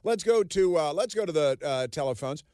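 A man's voice: on the high side, expressive, normal speed, warm tone, no echo, studio quality. Sarcastic talk radio host man. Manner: sarcastic, mocking, combative. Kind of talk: political talk radio monologue. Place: radio studio. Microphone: studio microphone.

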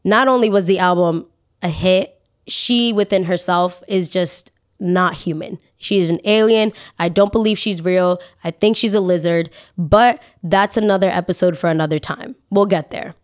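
A woman's voice: on the low side, normal speed. A woman hosting a podcast, ranting in a casual, dramatic way with exaggerated asides. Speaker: podcast host. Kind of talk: casual opinion monologue.

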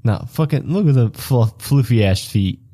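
A man's voice: mid-range voice, expressive, moderate pace, dark tone, dry recording, lightly acted. A man voicing a crude, jealous male horse in a tabletop game. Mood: mocking.

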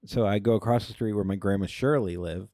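A young podcast co-host tells a rambling story in casual chat on a comedy podcast, laughing often and acting out his own lines. His voice is on the low side, mellow and brisk, on a dry, clean studio recording.

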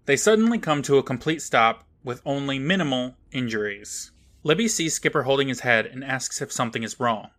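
A man's voice: mid-range voice, lively intonation, fairly quick, a bit bright. A man co-hosting a podcast, recapping an episode with sarcastic asides. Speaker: podcast co-host. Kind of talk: casual recap chat.

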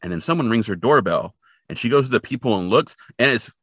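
A man co-hosting a casual podcast, recapping a TV episode with animated, laughing chatter. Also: mid-range voice, fast, slightly rough, dry recording, studio quality. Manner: animated, laughs often, trails off mid-sentence. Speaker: podcast co-host.

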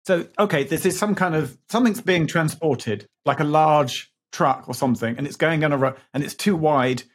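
A man's voice: a little high, normal speed. A man on a podcast panel, thinking aloud and reasoning through guesses step by step. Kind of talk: casual podcast chat.

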